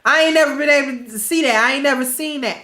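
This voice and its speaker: Congested woman with a high voice, roomy sound. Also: fast, sharp tone. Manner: blunt, preachy, colloquial. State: congested, stuffy nose. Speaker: livestream host. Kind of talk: opinionated livestream commentary.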